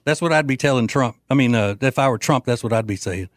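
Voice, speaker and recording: A man's voice: mid-range voice, quick pace, hardly any pauses, no echo. A man hosting a political talk show, delivering a brash, joking, rambling monologue with frequent fillers into a studio microphone. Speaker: host.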